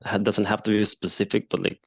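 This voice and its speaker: Gravelly man explaining earnestly. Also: on the low side, level tone, fairly quick, a bit bright, no room sound, clean studio sound. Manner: earnest, explanatory, with hesitant restarts. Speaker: coach. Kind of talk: casual roundtable discussion.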